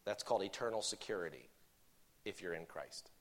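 A man preaching a sermon, reading scripture verses aloud and explaining them, rising to emphatic points and dropping to soft low asides. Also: animated, brisk. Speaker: pastor.

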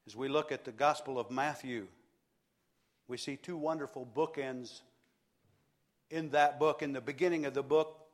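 A man preaching a sermon earnestly, repeating key phrases and pausing for emphasis. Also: medium pitch, steady tone. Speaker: pastor.

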